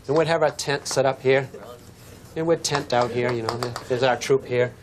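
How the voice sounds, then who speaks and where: This man from Massachusetts is teaching a physics lesson, drawing on the board while he chats with the class and tells stories. He's an animated storyteller who acts out shouted dialogue and keeps asking the class questions in this classroom lecture with demonstration. His voice is medium in pitch and normal in speed, with a noisy background.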